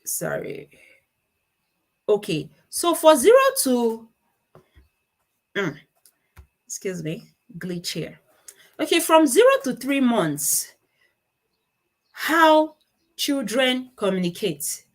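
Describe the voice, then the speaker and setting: A woman's voice: a little high, big pitch swings, takes it slowly, pauses often. A woman giving a conference talk with slides, explaining step by step and stopping to correct herself. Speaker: conference speaker on child speech disorders.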